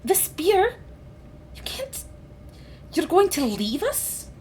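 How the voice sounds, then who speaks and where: A woman voicing a worried young female cat-folk who scolds her little brothers with sharp exclamations. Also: very high voice, sing-song, takes it slowly, a little hiss or hum, voice pushed up, heavily acted. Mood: alarmed.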